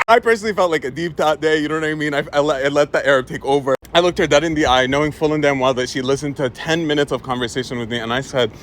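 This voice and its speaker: A young man telling a casual story with animated delivery, laughing often and mimicking people. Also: fairly high pitch, slight background noise.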